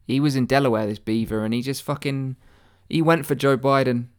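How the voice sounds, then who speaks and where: A man's voice: medium pitch, fairly even intonation, a little fast, clean tone. Rambling mock-earnest male comic monologue. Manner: mock-earnest, rambling with stammered restarts, swearing. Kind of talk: deadpan satirical conspiracy monologue.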